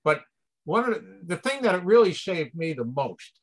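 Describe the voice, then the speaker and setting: A man's voice: high-pitched, big pitch swings, normal speed. An older man with a New York accent, chatting as an interview guest in an easygoing way and chuckling often. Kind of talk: casual interview chat.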